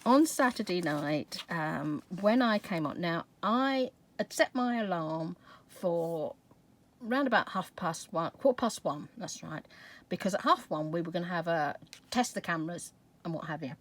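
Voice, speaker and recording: A woman's voice: on the low side, expressive, a little slow. A woman hosting a craft channel, telling viewers a story in a chatty way and laughing often.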